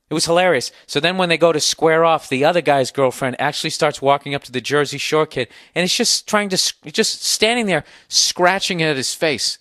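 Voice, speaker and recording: Man in his 40s, from the US, podcast host, slightly hoarse, swearing rant, dry close mic. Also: on the high side, fairly quick, few pauses, pushed and bright, no room sound. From United States. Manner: profane, rambling storyteller, incredulous. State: sore throat, slightly hoarse.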